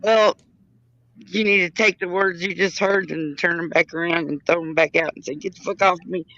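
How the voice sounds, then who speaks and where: A man's voice: high voice, level tone, normal speed, sharp tone, highs cut off. A man co-hosting a livestream, chatting casually in an opinionated, drawling way.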